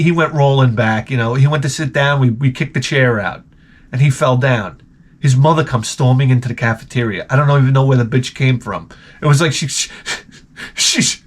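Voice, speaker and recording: A vlogger with a fairly high, slightly bright male voice tells profane comic stories. He's crude and rambling, laughs often, and acts out the lines of the people he's describing.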